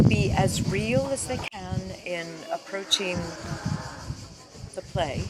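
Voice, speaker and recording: A woman's voice: mid-range voice, low-quality recording. A woman giving a thoughtful, searching interview answer. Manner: slow, searching. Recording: loud music underneath.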